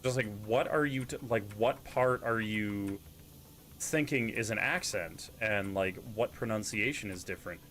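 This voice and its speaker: A young man with a Canadian accent chatting casually while streaming a game, playful and quick to mimic accents. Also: fairly low pitch, a bit bright. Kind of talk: casual gaming chat.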